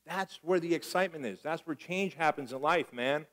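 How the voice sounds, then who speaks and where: Male motivational speaker, middle-aged, animated storyteller who swears and acts out dialogue on stage. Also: on the high side, moderate pace, poor audio. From Armenia. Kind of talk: live motivational talk.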